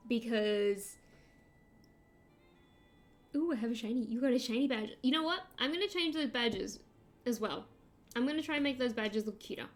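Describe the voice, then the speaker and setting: A young-sounding Australian woman chats away as she streams a game, her voice sitting a little high. She rambles from one aside to the next with excitable energy. Soft music plays faintly underneath. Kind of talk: casual chat while gaming.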